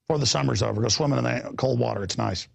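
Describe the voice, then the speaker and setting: Gravelly, excitable middle-aged male host. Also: racing. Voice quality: gravelly, husky voice. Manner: excitable, repeats words, jumps between pitches. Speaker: talk show host. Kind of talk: animated rambling talk-show chat.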